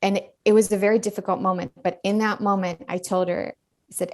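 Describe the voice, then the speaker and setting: A woman's voice: mid-range voice, little pitch movement, brisk. A middle-aged woman, a dentist guest on a podcast, talking earnestly and candidly and often repeating words as she goes.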